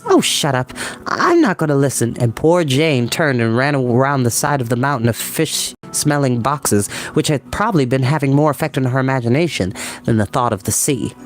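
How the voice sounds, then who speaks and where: A man reading a children's novel aloud as a storyteller, measured and expressive. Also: medium pitch.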